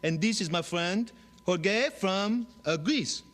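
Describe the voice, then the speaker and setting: A man's voice: sits high, takes it slowly, fairly bright tone, voice pushed up. A man with a put-on French accent playing a flamboyant, showy foreign ski celebrity. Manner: showy, over-the-top party host.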